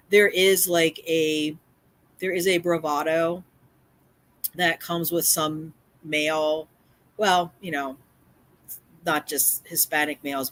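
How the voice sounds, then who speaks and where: Telling her livestream chat about a neighbor, a woman who looks after community cats sounds upset and shaken, restarting often, using plenty of fillers and repeating herself for emphasis. Her voice is low and a bit bright.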